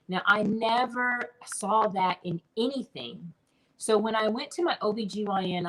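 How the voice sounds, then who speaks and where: A middle-aged woman, a business mentor, telling her personal story in an interview in an earnest, animated way. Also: mid-range voice, low-quality recording.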